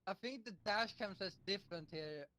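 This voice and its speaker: A man's voice: high voice, normal speed, sharp tone, no room sound. A young man chatting casually while gaming, hesitant and often stumbling over his words. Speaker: podcast co-host.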